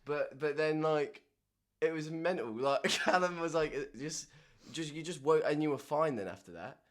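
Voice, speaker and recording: A man's voice: on the high side, normal speed. A man, co-hosting a podcast, telling a story in casual chat and laughing through it. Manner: laughs through his stories. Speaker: podcast co-host.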